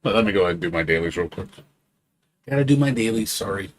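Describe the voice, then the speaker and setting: A man streaming games live, rambling excitably in casual chat, swearing freely and laughing often. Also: low voice, fast, slight background noise. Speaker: game streamer.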